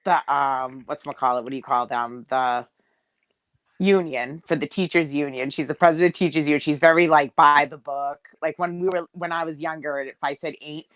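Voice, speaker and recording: A middle-aged woman from Massachusetts hosts a casual group video chat, spinning stories with lots of jokes and frequent laughter. Her voice is deep and her pace brisk, and the video-call audio sounds dry.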